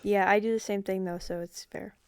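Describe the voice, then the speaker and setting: Young woman guest, mid-pitched, trailing "like"s, self-deprecating, dry close sound. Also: steady tone, a little fast, smooth, no room sound. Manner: self-mocking, trailing off with frequent "like". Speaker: podcast guest. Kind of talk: casual chat.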